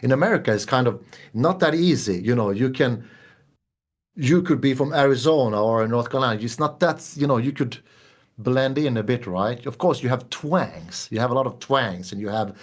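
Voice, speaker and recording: A man from Sweden, chatting enthusiastically as a guest composer in a casual conversation. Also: medium pitch. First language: Swedish.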